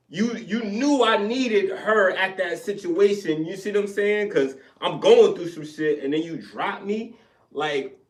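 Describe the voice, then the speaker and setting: Animated storytelling man, echoey room. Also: a little high, distant mic. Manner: animated, profane, acts out both sides of arguments. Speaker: podcast co-host. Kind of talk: casual storytelling chat.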